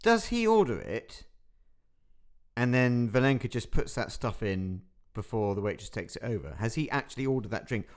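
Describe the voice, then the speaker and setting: A man's voice: mid-range voice, big pitch swings, moderate pace. A man co-hosting a casual podcast chat, musing aloud and ending thoughts with tag questions. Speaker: podcast co-host.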